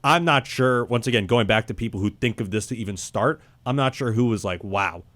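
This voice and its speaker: A man's voice: mid-range voice, brisk, a bit bright. A man on a casual sports podcast, telling a story in an easygoing way. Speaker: podcast co-host.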